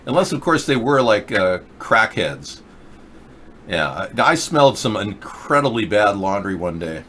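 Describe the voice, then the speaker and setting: A man's voice: fairly low pitch, very animated, unhurried, a bit bright, slight background noise. A man hosting a casual livestream chat show, rambling and sarcastic as he scolds chat users. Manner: rambling, sarcastic, mocking chatters. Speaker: political talk show host. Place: in the US Pacific Northwest.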